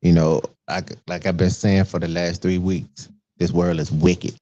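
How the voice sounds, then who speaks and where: Low-voiced dude on a headset, soft, keeps echoing what's said, dry and muffled. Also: male voice, flat delivery, unhurried. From Richmond, Virginia. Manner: agreeing, repeats phrases, soft-spoken. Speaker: podcast guest. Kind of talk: casual chat.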